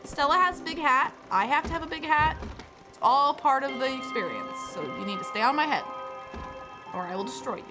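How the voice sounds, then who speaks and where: Her intonation is lively and her pace fairly quick as she streams a game live over its music. She chats casually, gets easily distracted, and slips into high baby talk with her cat.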